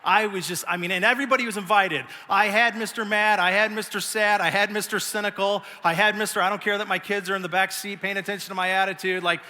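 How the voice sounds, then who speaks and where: Bright-voiced middle-aged pastor preaching. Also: male voice, high-pitched, quick pace, few pauses. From United States. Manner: animated, self-mocking storytelling. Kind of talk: sermon. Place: large church auditorium. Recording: long reverb of a church hall.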